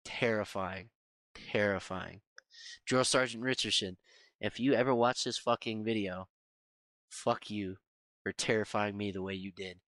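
A man's voice: fairly low pitch, steady tone, measured pace, long pauses, fairly bright tone, no echo. Young man, podcast co-host, laid-back profane storyteller, dry close sound. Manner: profane, laughs often. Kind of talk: casual storytelling chat.

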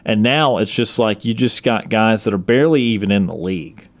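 A man's voice: lowish voice, fairly quick. A man hosting a sports talk show, chatting casually and thinking aloud as he goes.

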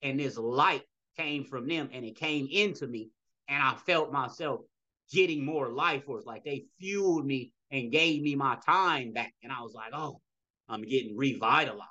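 A man's voice: mid-range voice, a little slow, sharp tone. A man in a middle-range voice tells a long personal story as a podcast guest. He rambles, acts out the things people said, and keeps dropping in "you know". The audio is dull and lo-fi. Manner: rambling, acts out quoted dialogue, frequent "you know" asides.

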